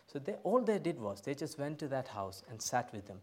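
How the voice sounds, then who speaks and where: A middle-aged man, a pastor, preaching a sermon in a church, emphatic, swinging from loud bursts to quiet asides. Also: medium pitch, sing-song, brisk. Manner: emphatic, rising to loud bursts then dropping soft.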